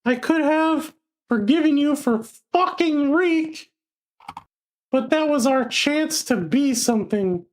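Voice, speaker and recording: A woman flatly reading a possessive romance hero. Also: high-pitched, slow. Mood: heartfelt.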